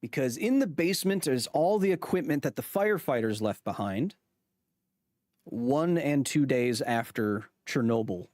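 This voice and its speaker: A man in his thirties reads viewer comments on his science podcast livestream, teasing chat and joking loosely with many fillers and restarts. His medium-pitched voice is animated yet measured and a little mellow, in clean studio sound with no room noise.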